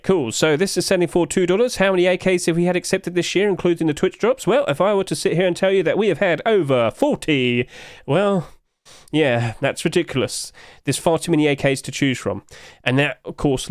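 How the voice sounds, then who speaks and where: A man hosting a gaming channel, rushing through casual market commentary, rambling and correcting himself as he goes. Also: fairly high pitch, no room sound, studio quality. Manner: quick, rambling, self-correcting, chuckles often.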